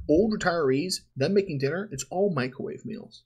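A man's voice: fairly high pitch, moderate pace, a little mellow. A male podcast host talking casually, telling rambling stories in slang and laughing often. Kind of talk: casual chat.

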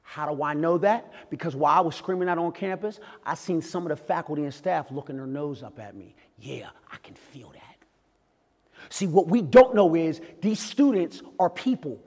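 Animated man speaking in an echoey hall. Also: a little high, normal speed, husky. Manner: animated storytelling, acts out voices, swings loud and quiet. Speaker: keynote speaker. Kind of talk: motivational talk to a live audience.

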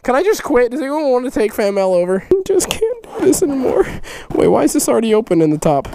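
A man hosting a casual fan mail vlog, excitable, loud and swearing constantly. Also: very high-pitched, quick pace, vocal fry, background noise. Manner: excitable, loud and heavily profane. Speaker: YouTuber host.

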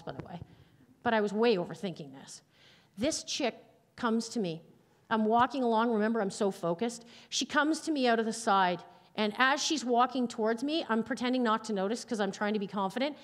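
A woman giving a motivational keynote speech on stage, telling stories in an animated way and laughing often. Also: on the high side, fairly quick. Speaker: keynote speaker. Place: large hall on stage.

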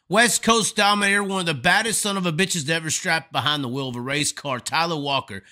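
A man's voice: high-pitched, pushed and bright. A man hosting a live stream, delivering a profane, emphatic, rambling rant of commentary. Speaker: host.

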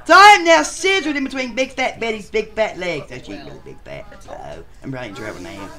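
A performer voicing a crude, rowdy male bachelor contestant, who tells profane stories and bursts into shouts. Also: mid-range voice, sing-song, brisk. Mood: rambling. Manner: profane storytelling with sudden shouted outbursts. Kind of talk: comic machinima voice acting.

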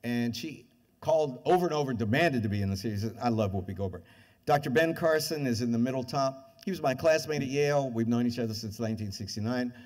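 A man's voice: mid-range voice, fast. An older man giving a university lecture, telling stories and acting out the voices of the people in them. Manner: lively anecdotes, acts out quoted voices. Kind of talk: animated storytelling lecture. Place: lecture hall with audience. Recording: lecture hall reverb.

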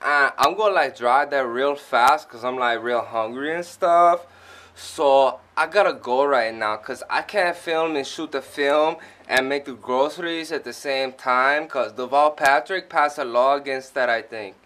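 A man's voice: fairly high pitch, unhurried, hardly any pauses, close to an everyday voice. A young man putting on a goofy slangy accent. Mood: teasing. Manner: playful, mock-tough, teasing. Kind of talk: joking vlog banter.

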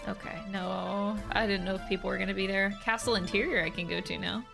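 A woman's voice: medium pitch, fairly even intonation, brisk, gravelly. A woman from the United States giving giggly, rambling gameplay commentary while streaming. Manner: giggly, rambling, reads game text aloud. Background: game music.

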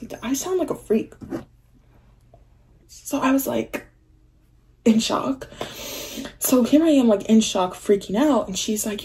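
A young woman telling a story on her vlog in a casual, animated way, full of fillers and acted-out quotes. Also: mid-range voice, moderate pace. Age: young adult. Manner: animated, filler-heavy, acts out quoted voices. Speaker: vlogger.

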